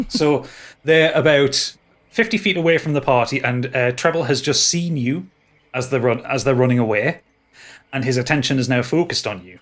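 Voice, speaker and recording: A man narrating as game master, halting and restarting often. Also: mid-range voice.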